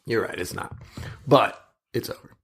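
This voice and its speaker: A man's voice: normal speed, fairly bright tone. A man in his thirties co-hosting a sports podcast, chatting casually, joking and reading out stats. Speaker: podcast co-host.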